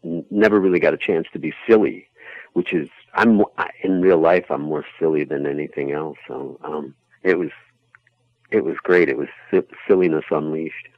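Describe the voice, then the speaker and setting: A man with a very low, gravelly voice talks through an interview in a loose, rambling, self-deprecating way. The sound is dull and lo-fi, with no room echo at all. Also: moderate pace. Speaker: actor being interviewed. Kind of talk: casual interview chat.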